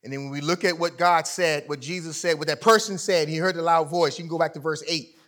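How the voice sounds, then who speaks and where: A man preaching a sermon in an emphatic, conversational way, swinging from loud to quiet. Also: a little high, fairly even intonation, fast talker. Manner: conversational, illustrates with sports stories.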